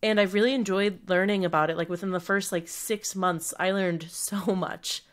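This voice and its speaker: A woman's voice: fairly low pitch, steady tone, normal speed. A young woman co-hosting a podcast, chatting casually about her year, with frequent laughs and lots of fillers. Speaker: podcast co-host. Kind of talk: casual chat.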